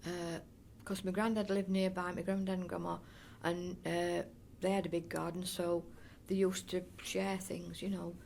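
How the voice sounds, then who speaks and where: A woman's voice: on the low side, little pitch movement, moderate pace, gravelly, few pauses, darkish tone, slight background noise. An older woman, reminiscing in a chatty, rambling way as an oral history interviewee. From North East Derbyshire area of England. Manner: chatty and rambling, with frequent restarts and fond asides.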